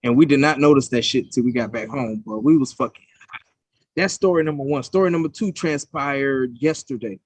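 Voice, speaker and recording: A man's voice: medium pitch, a little fast, breathy edge, no room sound. A young man co-hosting a podcast, telling stories in a casual, profane, heated way. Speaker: podcast co-host. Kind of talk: casual chat.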